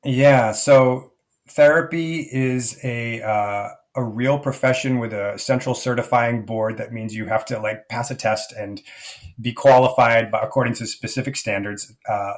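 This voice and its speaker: A man's voice: medium pitch, a little slow. A man speaking as a life coach guest in a podcast interview, reflective and rambling, with many fillers and restarts.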